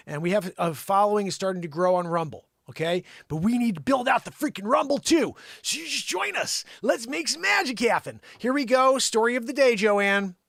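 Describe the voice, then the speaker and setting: High voiced realtor guy doing a jokey news rant, rambles, talks to someone off camera, very dry sound. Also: vocal fry, dry recording. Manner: excitable, rambling, talks to an off-screen sidekick. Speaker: realtor hosting a news show. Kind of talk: comedic news commentary.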